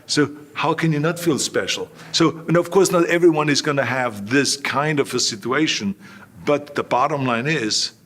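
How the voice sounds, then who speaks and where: A man's voice: mid-range voice, a bit bright. A man telling stories emphatically in an interview, repeating phrases. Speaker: guest. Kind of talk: storytelling interview.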